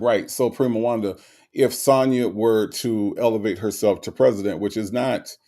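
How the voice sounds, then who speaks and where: A man's voice: medium pitch, warm tone. Ranting man hosting a live stream. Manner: emphatic, repetitive, sarcastic ranting. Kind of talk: casual commentary to chat.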